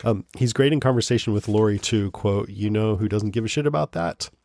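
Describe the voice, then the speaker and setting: A man hosts a relaxed podcast, reading listener emails and reacting to them with frequent laughter. His voice sits low, and the recording is close and dry with no room sound. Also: a little fast, no room sound. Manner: chatty, laughs often. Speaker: podcast host.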